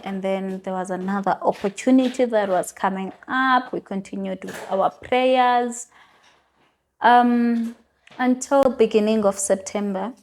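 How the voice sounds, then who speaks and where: A woman with a medium-pitched, slightly mellow voice shares a personal faith testimony as a vlogger. She talks casually, earnestly and emotionally, often repeating words and phrases.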